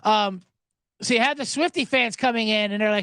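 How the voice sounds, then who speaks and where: A man's voice: high voice, fairly quick, bright, forceful tone, smooth, no room sound. A man hosting a sports betting podcast, ranting sarcastically with profanity and mocking voices. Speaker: podcast host.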